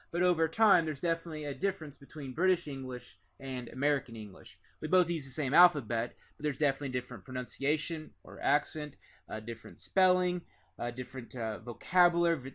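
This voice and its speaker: Guy from w/ doing a class lecture, kinda high voice, says uh a lot, laid back. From Indiana. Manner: relaxed, lots of "uh" fillers, conversational. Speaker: teacher.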